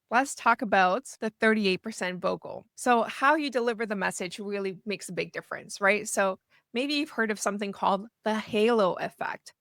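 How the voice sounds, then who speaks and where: A woman fundraising coach teaches in a relaxed, chatty way and keeps checking in with the listener. Her voice sits at a middle pitch. The sound is close and dry, with no room echo. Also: vocal fry. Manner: chatty, frequently checks in with "right?" and starts with "so". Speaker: fundraising consultant and educator. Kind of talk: conversational teaching talk to camera.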